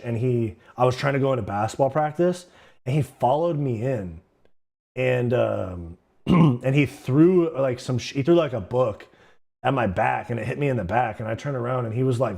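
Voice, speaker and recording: A young man of middle pitch hosts a livestream and tells stories in a loose, rambling way. His talk is full of slang and swearing. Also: moderate pace, gravelly, darkish tone. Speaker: livestream host. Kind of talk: casual storytelling.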